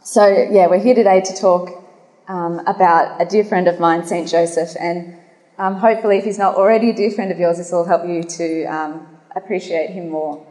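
A woman's voice: fairly low pitch, steady tone, moderate pace, mellow. Woman, faith talk and prayer, fillers, roomy hall sound. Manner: earnest, nervous, many fillers. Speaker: guest speaker. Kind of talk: religious talk with spoken prayer. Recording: echoey hall.

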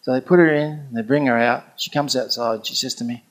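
A middle-aged man, telling a story in an animated way and acting out what others said. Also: mid-range voice, a little fast. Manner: animated, acts out quoted speech. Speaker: pilgrimage companion telling a story. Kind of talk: anecdotal storytelling.

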